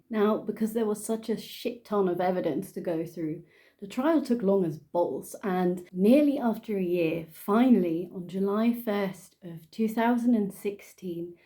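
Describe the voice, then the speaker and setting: A woman's voice: medium pitch, warm tone. Sarcastic Dutch woman telling a crime story. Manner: chatty, sarcastic asides, frequent laughs. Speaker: true crime YouTuber. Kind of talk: casual true crime narration.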